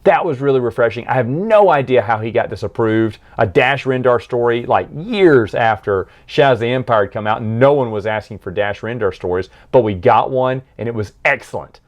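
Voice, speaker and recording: A man's voice: mid-range voice, a little fast, few pauses. Male book reviewer, casual and enthusiastic, talks in loose rambling retellings.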